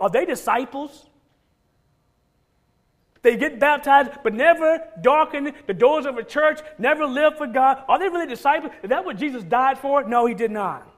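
A male pastor preaching a sermon, emphatic and repetitive, firing off rhetorical questions. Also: extremely high pitch.

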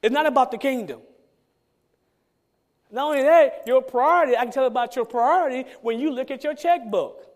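A man's voice: very high-pitched, moderate pace. A man, a pastor, preaching a sermon with emphatic repetition and rhetorical questions.

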